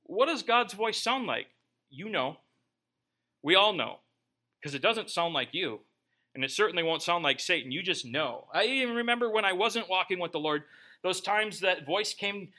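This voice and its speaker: A man's voice: sits high, lively intonation, normal speed, sharp tone. A man preaching a sermon in a conversational way, with joking asides. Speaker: pastor.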